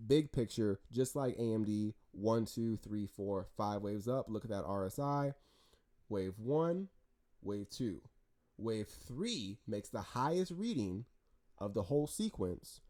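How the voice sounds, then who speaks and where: A man giving casual market commentary over charts, animated and talkative, with frequent restarts and jokes. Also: fairly low pitch, takes it slowly. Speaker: stock market chart analyst.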